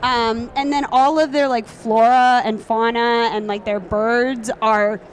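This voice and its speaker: A woman from Philadelphia tells an animated travel story in a casual panel chat. Her voice sits a little high, with light noise in the background. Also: measured pace. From Philadelphia, USA. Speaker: comics artist guest.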